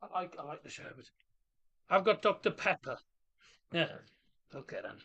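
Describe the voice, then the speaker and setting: A man hosting a casual live football watchalong, chatting in a rambling, jokey way and reacting loudly to the game. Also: fairly high pitch, moderate pace, slightly rough. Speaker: livestream host. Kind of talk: casual match watchalong chat.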